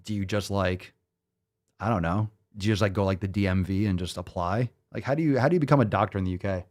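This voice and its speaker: A man's voice: low voice, fast talker, a little mellow. A man hosting a show, talking in casual, profane, rambling commentary with a sarcastic, exasperated edge. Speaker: show host. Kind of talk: livestream commentary.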